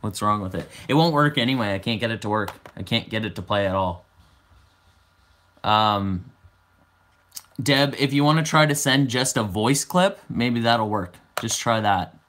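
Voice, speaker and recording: A man's voice: on the low side, moderate pace, a bit bright. Chatty young man hosting a livestream. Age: 20s. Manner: chatty, answers viewer comments aloud. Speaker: livestream host. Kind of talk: casual livestream chat.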